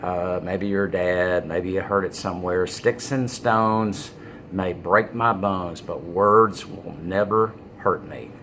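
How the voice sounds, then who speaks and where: Male vlogger, low voice, unhurried, filler-heavy delivery, faint room noise. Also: steady tone, a bit bright. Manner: halting, many "uh" fillers, stresses key words. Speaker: business vlogger. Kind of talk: casual talking-head monologue.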